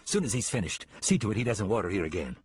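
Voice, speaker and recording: A man's voice: lowish voice, lively intonation, fast, slight background noise, close to an everyday voice. A man voicing a stern, no-nonsense frontier woman sheriff holding a shotgun. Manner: firm, no-nonsense.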